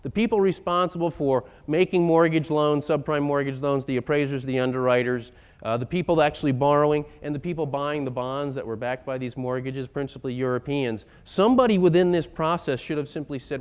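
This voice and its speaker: Insistent male speaker, smooth resonant tone, lectures with rising emphasis. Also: fairly high pitch, fairly quick. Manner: emphatic, building to loud insistent points. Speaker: economic speaker. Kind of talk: lecture-style talk.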